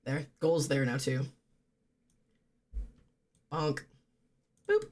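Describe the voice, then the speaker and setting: A streamer chatting casually and loudly to live viewers, rambling and poking fun at themself. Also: medium pitch, wildly swooping pitch, drawn-out words. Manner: loud, rambling and self-mocking. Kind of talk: casual livestream chat to viewers.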